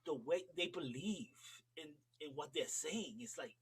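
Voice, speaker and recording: A man's voice: on the high side, expressive, unhurried, husky, low-quality recording. An American man chatting casually as a regular on a talk show, telling rambling, amused stories. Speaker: regular guest. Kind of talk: casual chat.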